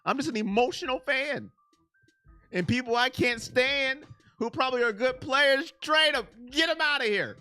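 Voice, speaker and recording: Excitable high-voiced man streaming sports talk. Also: moderate pace, clean tone, soft background music. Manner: excitable, reads chat names aloud, swings from loud to mumbling. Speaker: sports livestream host. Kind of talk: casual live-chat commentary.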